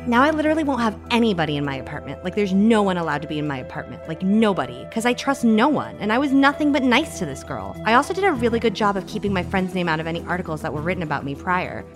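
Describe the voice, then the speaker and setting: A woman's voice: medium pitch, big pitch swings, fast talker, few pauses, over music. A woman being interviewed who talks defensively and fills her phrases with "like". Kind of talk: casual chat.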